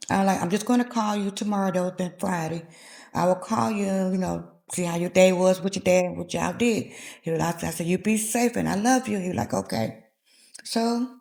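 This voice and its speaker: A woman's voice: lowish voice, gravelly, a little mellow. A woman in her fifties, a guest telling a personal story and acting out the voices in it. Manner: vivid retelling, acting out quoted dialogue. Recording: echoey room.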